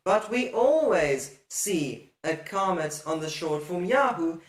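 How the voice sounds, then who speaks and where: Male teacher, high-pitched, unhurried; patient, repeats key points while explaining grammar. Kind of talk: slow explanatory lecture.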